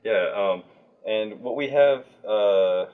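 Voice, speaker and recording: A man's voice: on the low side, slow, narrow, tinny audio. A man hosting a livestream, chatting casually with a guest, with plenty of fillers and restarts. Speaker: livestream host.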